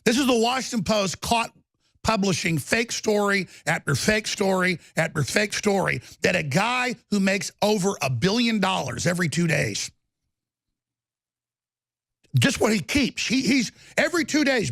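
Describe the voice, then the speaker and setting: Angry gravelly high-voiced man ranting. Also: expressive, moderate pace, dry recording. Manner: heated, repetitive, shouting bursts. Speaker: talk show host. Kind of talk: angry political rant.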